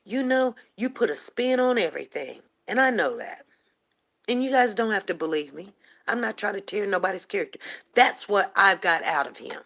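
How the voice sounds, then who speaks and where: A woman's voice: medium pitch, lively intonation, normal speed, creaky, a bit bright. Woman venting on her live show, fired up, keeps repeating herself for emphasis. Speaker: host of a livestream show. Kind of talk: impassioned livestream commentary.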